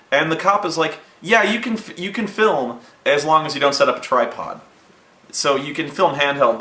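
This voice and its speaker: A man's voice: mid-range voice, bright, forceful tone, echoey room. A young man telling a long rambling, profane anecdote in a casual vlog, mocking himself and laughing along the way. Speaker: online video host.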